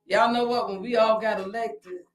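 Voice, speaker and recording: A woman's voice: on the high side, fairly even intonation, normal speed, faint music behind. A middle-aged woman, hosting a casual podcast interview. She talks in an emphatic, preacherly way and repeats lines for stress. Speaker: alderwoman and podcast host. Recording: echoey room, far from the mic.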